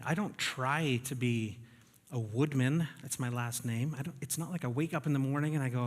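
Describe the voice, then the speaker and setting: A man's voice: medium pitch, fairly quick. A man preaching a sermon from Canada, talking in a conversational, self-deprecating storytelling way with easy laughs. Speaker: pastor. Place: church sanctuary. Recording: long reverb of a church hall.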